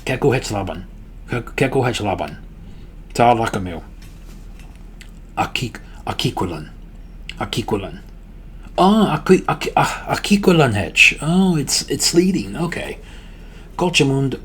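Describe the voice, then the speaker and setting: A man teaching a language lesson in a casual, relaxed way, repeating words slowly and often checking in with the listener. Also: medium pitch, a little hiss or hum. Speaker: language tutor.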